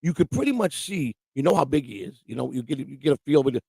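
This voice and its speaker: A man with a gravelly, rough-edged voice rants through a casual morning livestream. He rambles, swears freely and mocks people by quoting them. The sound is dry and close, with no room around it. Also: mid-range voice, animated, fast, dark tone, no room sound. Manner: profane, rambling, quotes people mockingly. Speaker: livestream show host. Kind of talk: casual ranting chat. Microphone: livestream microphone.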